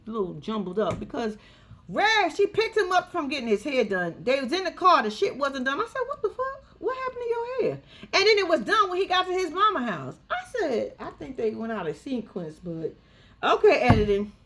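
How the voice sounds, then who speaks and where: Slight background noise sits under a woman's high voice as she recaps a reality TV episode at a moderate pace. Sassy and swearing casually, she brings the cast to life by acting them out in animated fashion.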